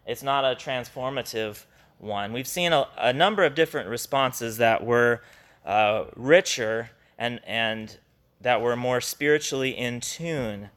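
A man's voice: medium pitch, unhurried. A man leading a Bible study, explaining a passage in an earnest, conversational way and acting out the quotes he reads. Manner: earnest, animated when quoting scripture.

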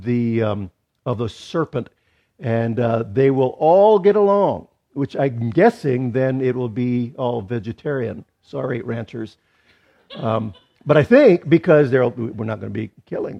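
A man preaching a sermon in a conversational way, with joking asides and frequent restarts. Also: medium pitch. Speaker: pastor. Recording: dull lo-fi recording.

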